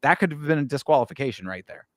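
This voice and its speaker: A man's voice: a little high, lively intonation, racing, a bit bright, no echo. A man co-hosting a casual sports podcast, talking in an easygoing way with lots of fillers. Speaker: podcast co-host.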